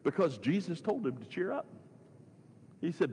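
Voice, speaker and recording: A man giving a conversational sermon, repeating phrases for emphasis and swinging between loud and hushed delivery. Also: fairly high pitch, sing-song, normal speed, long pauses. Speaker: pastor. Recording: long reverb, faint background noise.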